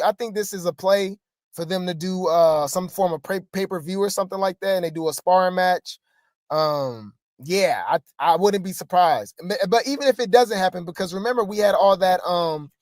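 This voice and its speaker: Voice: mid-range voice, darkish tone, dry recording, studio quality. A gossip commentary host talking casually and rambling, with many fillers. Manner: rambling, lots of fillers and restarts.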